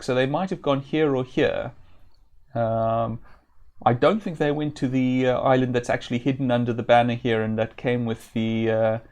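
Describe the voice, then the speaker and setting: Game streamer, man, gravelly, casual musing play-by-play. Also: mid-range voice, darkish tone. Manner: thinks aloud, reads game text, many fillers. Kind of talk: live-stream gameplay commentary.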